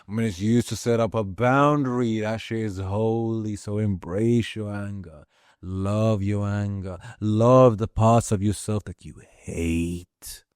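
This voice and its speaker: A man's voice: fairly low pitch, slow pace, darkish tone, smooth, no room sound, studio quality. A man giving an impassioned spiritual pep talk, repeating his lines and swearing freely for emphasis. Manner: profane, repetitive, emphatic. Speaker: motivational speaker.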